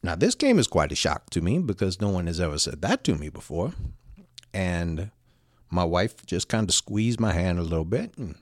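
A man with a low voice recounts a personal story in a halting, conversational way. His pitch swings widely as he goes, and he often repeats words and restarts. The sound is dry and close, with no room echo. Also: big pitch swings. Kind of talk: first-person spoken storytelling.

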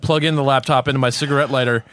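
A man's voice: medium pitch, steady tone, rapid-fire, fairly bright tone. Podcast co-host, man, mid voice, defensive explaining, faint background noise. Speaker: podcast co-host, band vocalist. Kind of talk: casual podcast banter.

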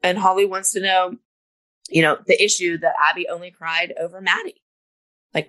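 A middle-aged woman with a somewhat low voice co-hosts a casual podcast. She recaps scenes one beat at a time, leaning on "you know" and "like" as she goes. The talk is relaxed and conversational. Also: moderate pace. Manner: recaps events step by step with many "you know" fillers. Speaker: podcast co-host.

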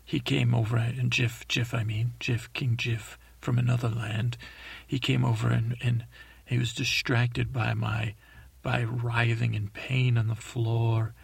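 Gravelly rambling man, playing a dim boy prince. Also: mid-range voice, flat delivery, no echo. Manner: halting, full of restarts and mixed-up names. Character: dim, timid boy prince telling a tale. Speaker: comedic storyteller. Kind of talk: rambling improvised comic storytelling in character as a boy prince.

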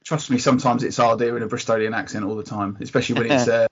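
A man's voice: medium pitch, fairly even intonation, racing, slightly rough. An Englishman co-hosting a podcast in casual chat, talkative and opinionated, given to ranting. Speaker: podcast co-host. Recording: dull lo-fi podcast audio.

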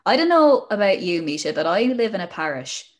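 A young woman with an Irish accent talks in a relaxed podcast chat, her voice sitting at an ordinary middle pitch. She sounds playful and enthusiastic, full of fond asides. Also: a little fast. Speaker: podcast co-host. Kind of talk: casual chat.

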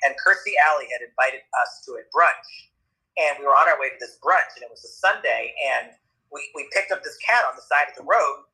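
Bright, animated man telling stories. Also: fairly high pitch, gravelly, poor audio. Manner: animated, quick comic storytelling with acted-out voices. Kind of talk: storytelling in casual chat.

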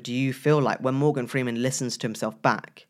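Man, voice professional in casual chat, lively with loud playful emphasis. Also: medium pitch, brisk. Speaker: co-host, voice professional.

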